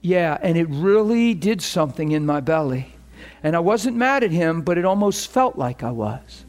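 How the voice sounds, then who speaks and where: A middle-aged man preaching, telling a story and acting out both sides of phone calls. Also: normal speed. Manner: animated, acts out phone calls with rising pitch. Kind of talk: storytelling sermon.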